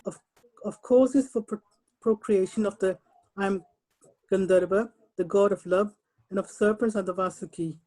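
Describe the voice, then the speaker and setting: A woman reading an English translation of scripture in a group session, slow and careful, sometimes stumbling over names. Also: mid-range voice, fairly even intonation, mellow, poor audio. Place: someone else's home, on an unfamiliar computer.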